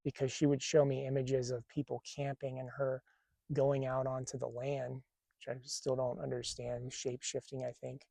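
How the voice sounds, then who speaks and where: A man's voice: mid-range voice, completely flat delivery, normal speed, vocal fry, dark tone, no echo. A man telling a personal spiritual story in a casual, rambling way, with many fillers and restarts. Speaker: spiritual channeler.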